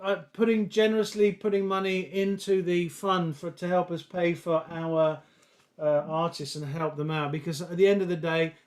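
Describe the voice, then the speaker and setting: A playful man presents a live stream, teasing his co-host and reading viewer messages. His voice sits high for a man. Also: little pitch movement, normal speed.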